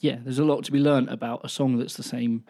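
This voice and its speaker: A man's voice: medium pitch, level tone, fast, mellow. A man co-hosting a casual music talk show, mostly chiming in with short, playful replies. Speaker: co-host. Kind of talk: casual chat.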